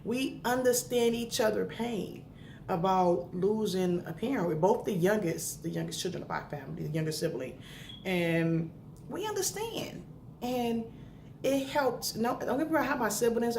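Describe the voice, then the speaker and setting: A woman's voice: mid-range voice, darkish tone. A middle-aged woman talking earnestly and emotionally to camera at home, giving heartfelt, conversational advice. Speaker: vlogger giving grief advice. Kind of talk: casual heartfelt talk to camera. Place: home indoors. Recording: echoey room, faint background noise.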